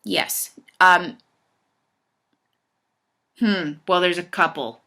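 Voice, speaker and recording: A woman's voice: fairly low pitch, extremely slow, vocal fry, bright, forceful tone. A woman singer answering fan questions in a casual chat, effusive and enthusiastic.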